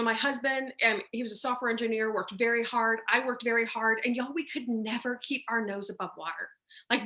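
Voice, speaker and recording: A bright, fairly high-voiced woman. She tells her personal story in a chatty, animated way, filling it with little fillers and acting out what people said to her. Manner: chatty, storytelling, many fillers and acted-out quotes. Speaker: guest sharing her business story. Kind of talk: personal testimony on a livestream.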